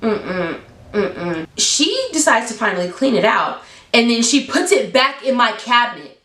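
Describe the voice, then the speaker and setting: A woman vlogger telling a story in a casual, blunt, animated way, leaping up in pitch for emphasis. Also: normal speed, roomy sound.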